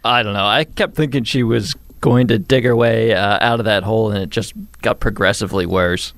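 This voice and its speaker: A man's voice: fairly low pitch, brisk, vocal fry, fairly bright tone, no echo. A man co-hosting a talk radio show, wry and laughing in casual banter. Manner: wry, laughing, mock-disapproving.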